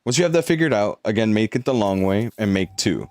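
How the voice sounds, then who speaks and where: A man's voice: on the low side, expressive, quick pace, a little mellow, soft background music. A young man on a live stream, chatting casually with viewers and walking them through a game, swearing now and then as he hypes them up.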